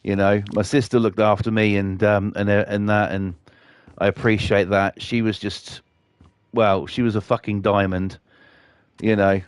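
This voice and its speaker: A man's voice: on the low side, flat delivery, normal speed, clean tone, dry recording. A British man chatting casually on his live stream, rambling and swearing a lot.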